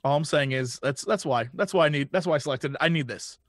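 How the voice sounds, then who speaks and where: High-voiced joking man on a podcast. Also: fast, dry recording, studio quality. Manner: joking, pleading, energetic. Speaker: podcast co-host. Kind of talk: casual chat.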